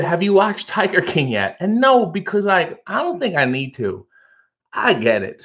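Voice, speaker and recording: A man's voice: mid-range voice, fairly bright tone, highs cut off. A man hosting a casual live stream, reading out viewer comments and answering them with wry, joking asides.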